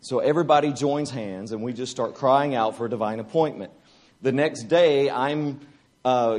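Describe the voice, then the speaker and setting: A man preaching at a church retreat, telling a personal testimony in an animated, joking way and acting out the scenes. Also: mid-range voice. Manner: animated, joking storyteller who acts out scenes. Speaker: retreat speaker. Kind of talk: testimony-style sermon to a live audience.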